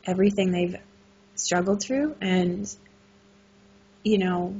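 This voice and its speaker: A woman's voice: on the low side, slow pace, mellow, husky. Gushing woman telling a story, laughing. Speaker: guest. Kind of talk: casual interview storytelling. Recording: muffled lo-fi recording.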